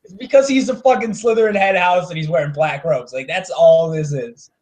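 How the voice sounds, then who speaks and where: A young man chats on a casual movie podcast. He rants with plenty of swearing, his slightly high voice jumping from loud bursts to low mutters. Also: brisk. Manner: profane, ranting, swings between loud and mumbled. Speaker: podcast co-host.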